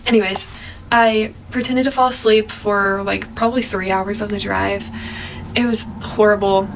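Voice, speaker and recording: A young woman in her twenties casually retelling an awkward story, animated and chatty, acting out quoted lines. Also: medium pitch, moderate pace, slight background noise, poor audio.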